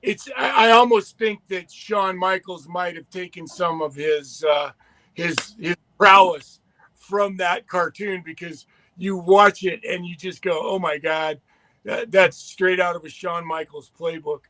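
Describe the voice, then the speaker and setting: A man's voice: high-pitched, a little slow, a bit bright, no echo. A man co-hosting a casual wrestling chat, rambling enthusiastically with many restarts. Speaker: podcast co-host.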